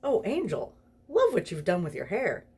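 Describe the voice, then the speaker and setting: A woman's voice: mid-range voice, huge pitch swings, moderate pace, darkish tone, husky, pitched above the performer's own voice, full character voice. A tipsy woman voicing a sly, teasing male demon in a story reading, amiable and mocking. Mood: laughing mockery.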